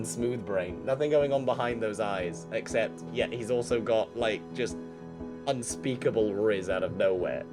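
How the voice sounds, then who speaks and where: A man's voice: on the low side, measured pace, over music. A young man narrating a story game aloud and reacting casually, with frequent swearing. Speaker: game streamer. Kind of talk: let's-play narration and commentary.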